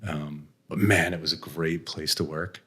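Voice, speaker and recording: Deep-voiced blunt man telling stories candidly. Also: steady tone, normal speed, a bit bright, husky. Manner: blunt, self-deprecating, laughs often, mild swearing. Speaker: interview guest, venture investor. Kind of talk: candid conversational storytelling.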